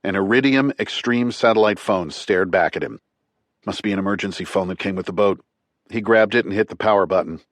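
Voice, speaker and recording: Man, thriller audiobook narrator, low voice, dry close sound, clipped delivery. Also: dry recording. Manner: tight, clipped, measured.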